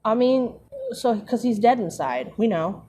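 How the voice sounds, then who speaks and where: A woman's voice: fairly high pitch, big pitch swings, a little slow, warm tone. A young woman streaming a book read-along, breaking off into sarcastic, profane commentary full of fillers. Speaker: streamer reading a book aloud. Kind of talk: casual commentary while reading aloud.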